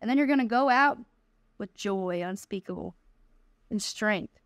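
A woman's voice: medium pitch, unhurried, smooth, no echo, studio quality. A woman delivering a fervent podcast sermon, exhorting listeners with emphatic, repeated declarations. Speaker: podcast speaker.

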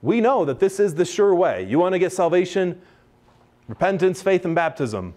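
Chatty American priest teaching a class. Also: male voice, high-pitched, sing-song, normal speed, a little mellow. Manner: chatty, many restarts, acts out quoted voices.

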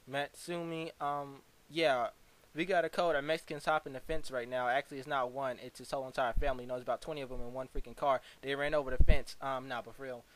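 A man's voice: medium pitch, natural voice. A man playing a brash, profane, street-talking young gamer who rambles and stammers through a comedic rant review. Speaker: game reviewer. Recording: noisy home recording.

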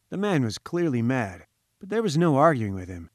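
A man reading first-person audiobook narration in a measured, wry manner. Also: mid-range voice, big pitch swings, no room sound, studio quality. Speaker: audiobook reader.

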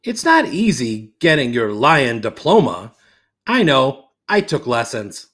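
A man, a school teacher, reading a children's picture book aloud in an expressive storytelling voice. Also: mid-range voice, slow pace.

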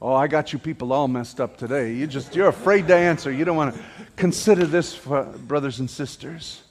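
A male pastor delivering a sermon, asking the congregation rhetorical questions and raising his voice near a shout at peaks. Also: on the high side, brisk. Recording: long hall reverb.

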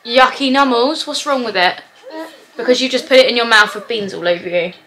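A woman's voice: fairly high pitch, expressive, fairly quick, a bit bright, a little hiss or hum, poor audio. A young woman chatting casually to camera at home, rambling with lots of "like". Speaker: vlogger, mum. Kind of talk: casual vlog chat to camera. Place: at home, indoors.

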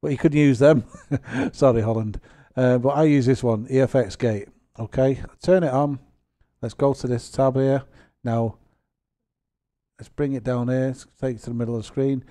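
A man, hosting his gaming channel and chatting through a software tutorial, rambling and joking at his own expense. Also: mid-range voice, fairly even intonation, moderate pace. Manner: chatty and rambling, with self-deprecating jokes.

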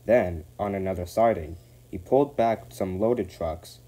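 A man with a low, mellow voice reads a railway storybook aloud. He keeps a steady, measured pace and a soft, warm tone. The narration is calm and even.

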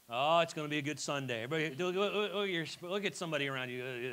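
Bright-voiced pastor telling stories from the pulpit. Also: male voice, on the high side, lively intonation, quick pace. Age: middle-aged. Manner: chatty storytelling with frequent restarts and stammers. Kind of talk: sermon. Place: church.

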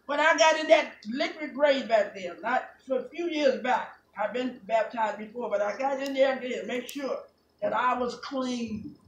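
A woman preaching a Pentecostal sermon, moving from quiet talk to shouted, half-sung preaching. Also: fairly high pitch, moderate pace, slight background noise. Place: church sanctuary. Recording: echoey church from far off. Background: organ playing.

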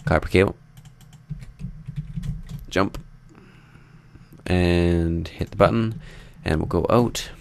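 Low, gravelly-voiced young man narrating gameplay. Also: slow pace, pauses often, dry recording. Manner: rambling, self-deprecating, talks to viewers while building. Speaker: Minecraft let's play host. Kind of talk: casual gameplay commentary.

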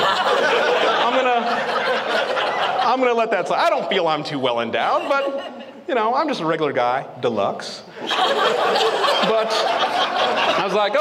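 Animated man doing stand-up. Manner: animated storytelling, acting out both sides with big pitch jumps. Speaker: stand-up comedian. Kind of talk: stand-up set. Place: comedy club stage. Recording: live club audio with long reverb and noise. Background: audience laughter.

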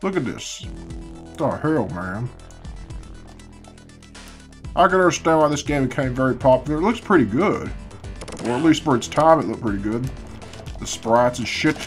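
A man's voice: mid-range voice, expressive, normal speed, pauses often, soft background music. A man doing casual gameplay commentary, swearing constantly and grumbling at the game, half asleep early in the morning. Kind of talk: casual let's-play commentary.

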